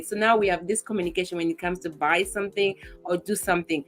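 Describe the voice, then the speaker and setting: A woman's voice: medium pitch, brisk, hardly any pauses, fairly bright tone, faint music behind. A mother on a talk show panel chatting about her children, playing out their requests in little voices. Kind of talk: casual chat.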